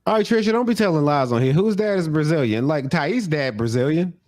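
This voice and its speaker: A man's voice: fairly high pitch, lively intonation, fairly quick, dry recording, clean studio sound. A young man co-hosting a comedy podcast, talking casually with profanity and jokey mock rants. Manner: profane, joking, slips into loud mock rants. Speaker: podcast co-host.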